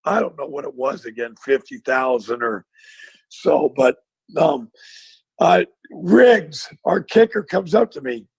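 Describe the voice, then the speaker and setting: A man, a former football coach, telling a lively story in a casual interview and acting out the dialogue. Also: on the high side, unhurried, gravelly, slightly rough, no room sound, poor audio. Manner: animated storyteller, acts out dialogue.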